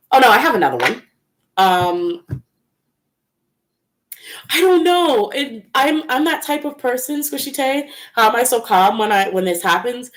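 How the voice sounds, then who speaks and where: A woman's voice: medium pitch, a bit bright. A young woman hosting a casual livestream, telling personal stories in a chatty way, full of "like" and "um", with laughs between lines. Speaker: tarot channel host. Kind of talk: casual storytelling livestream chat.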